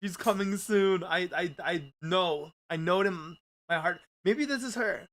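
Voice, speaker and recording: A man on a livestream in casual chat, playful and halting, trailing off into fillers. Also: high voice, a bit bright. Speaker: streamer and voice actor.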